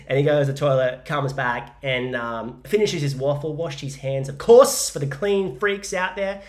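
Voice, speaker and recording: A man's voice: on the high side, moderate pace, hardly any pauses, a little mellow. An Australian man in his forties hosting a casual solo podcast, telling stories in a rambling, jokey way with lots of fillers. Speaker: podcast host and business coach.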